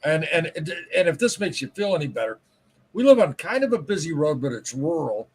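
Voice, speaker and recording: Podcast host man, candid, curses freely, husky voice, stumbles over his words. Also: on the high side, very animated, a little fast, a little mellow. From Michigan. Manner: candid, swears, stumbling restarts. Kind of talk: casual podcast interview.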